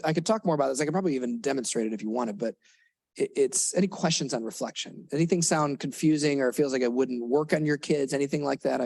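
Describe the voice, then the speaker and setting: A man's voice: mid-range voice, vocal fry, darkish tone, breathy edge, no echo. Earnest man coaching parents, dry sound. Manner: earnest, conversational, acts out kid and parent lines. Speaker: therapist giving a parenting talk. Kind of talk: live workshop talk to parents. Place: lecture room with an audience.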